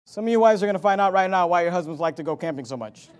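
Male pastor, very high voice, emphatic sermon delivery with stammered restarts. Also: expressive, rapid-fire. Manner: emphatic preaching with repetitions and asides.

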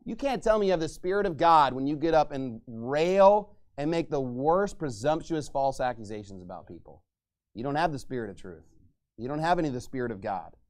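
A man preaching a fiery sermon as pastor, angry and mocking, shouting at times. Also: mid-range voice, animated, a little fast.

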